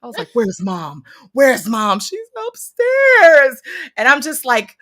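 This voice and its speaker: A woman in her thirties with a bright, forceful voice sitting a little high, chatting casually on a stream. She swings widely in pitch and acts out scenes with sudden loud bursts, swearing freely as she goes. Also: animated, moderate pace. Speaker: stream co-host telling a personal story. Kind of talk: casual chat, animated storytelling.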